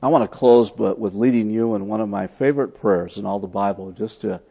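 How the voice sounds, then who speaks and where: A man preaching a sermon, telling stories as he teaches, swinging from loud emphatic lines to soft, hushed ones. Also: on the low side, fairly quick, gravelly, husky. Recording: long hall reverb.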